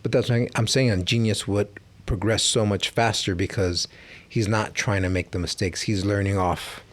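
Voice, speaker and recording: A man's voice: on the low side, steady tone, moderate pace. A man co-hosting a casual podcast chat, who laughs often and tells stories with voiced quotes. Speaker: podcast co-host.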